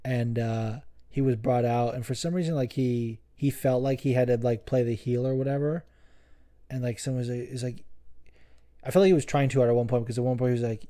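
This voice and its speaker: A man hosting a solo podcast, chatting loosely and cursing freely as he circles back to correct himself. His tone is soft and mellow at a middle pitch. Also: fast. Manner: profane, rambling, self-correcting. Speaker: podcast host. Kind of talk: casual solo podcast chat.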